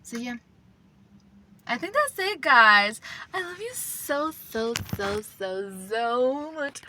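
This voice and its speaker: Young woman vlogger, bright, slightly high voice; rambling, sweary, gushing casual chat with the odd whisper. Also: sing-song, takes it slowly. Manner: rambling, profane, effusive, slips into whispers. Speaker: channel host.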